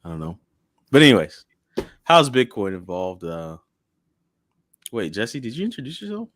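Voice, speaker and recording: A man's voice: on the low side, huge pitch swings, moderate pace, a bit bright, dry recording, clean studio sound. A man hosting a podcast in casual chat, joking and offhand. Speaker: podcast host.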